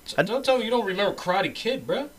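A man's voice: high voice, lively intonation, quick pace, slightly rough, poor audio. A man in casual chat, ranting with profane slang about a movie.

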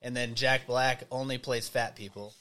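A man's voice: medium pitch, fairly even intonation, normal speed, sharp tone, clear, resonant tone. A young man co-hosting a casual podcast chat, swearing a lot, laughing and acting out movie lines. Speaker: podcast co-host.

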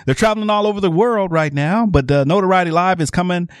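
A man's voice: sits high, fast talker, no echo. A man hosting a live radio shopping show from a studio, rambling through deals and repeating "all right" constantly. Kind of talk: live radio sales pitch. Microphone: studio microphone.

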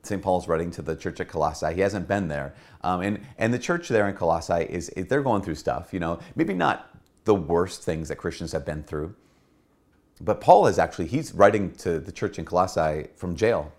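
A man's voice: low voice, expressive, normal speed, a little mellow. A middle-aged man, a Catholic priest, giving an earnest spoken reflection and repeating key phrases for emphasis. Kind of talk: spoken homily-style reflection.

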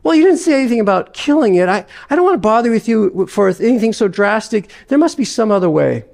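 Preacher doing a high whiny ghost guy, nervous and stammery, talks fast. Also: big pitch swings, creaky, a little mellow, full character voice. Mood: panicky. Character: whiny fretful male ghost, cowardly and pleading.

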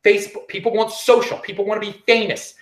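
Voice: medium pitch, steady tone, quick pace. A vlogger giving casual opinion commentary, blunt and dismissive, who repeats phrases for emphasis.

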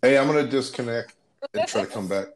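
A man's voice: medium pitch, fast, a crowd in the background. A man trading teasing banter in a casual group chat.

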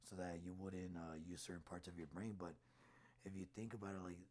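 A man telling a story in casual conversation, acting out the quoted lines with lively energy. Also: low voice, fairly quick.

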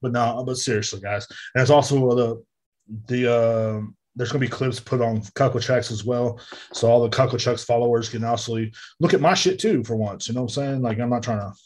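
An American man hosts his own podcast from a home room near a street, speaking into a desk microphone. His mid-range voice is brisk and a little mellow as he rants casually, rambling with plenty of swearing and filler words.

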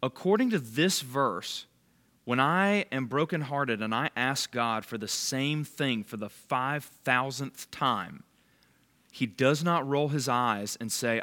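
A man's voice: medium pitch, takes it slowly, pushed and bright. A man leading a bible study, giving a casual, conversational sermon and quizzing his listeners by name. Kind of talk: casual sermon to a small group.

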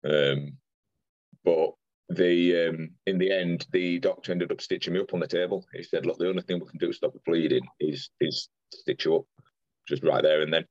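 A young man speaks in a very deep, low voice, retelling his story earnestly and in close detail, often restarting and acting out what people said. The sound is dry and close, with a slightly dull, lo-fi quality. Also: fairly even intonation, normal speed, darkish tone, dry recording. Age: young adult. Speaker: podcast guest. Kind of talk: personal storytelling in conversation.

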